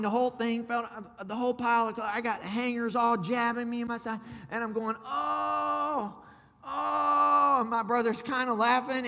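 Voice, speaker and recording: Excitable preacher, high bright voice, shouted peaks, big reverberant church. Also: male voice. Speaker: pastor. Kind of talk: sermon. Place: church sanctuary. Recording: long hall reverb.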